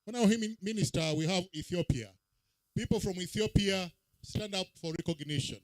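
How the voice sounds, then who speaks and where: A man's voice: sits high, a little fast. A man emceeing a public event, calling names and countries with rising emphasis over a handheld mic. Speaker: master of ceremonies. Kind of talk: event emcee roll call.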